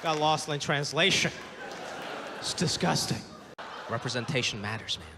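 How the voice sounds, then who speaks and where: High bright stand-up guy on a club stage, live sound with a long hall reverb. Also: moderate pace, crowd noise, background noise. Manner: loud, animated, acts out voices. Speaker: stand-up comedian. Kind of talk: stand-up comedy set.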